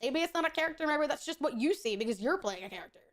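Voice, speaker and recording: A woman streamer with a high voice chats casually while she plays a game. She is blunt, profane and opinionated, and she speaks her mind. Nothing she says is held back. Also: expressive, very fast. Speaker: VTuber streamer. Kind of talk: casual chat while gaming.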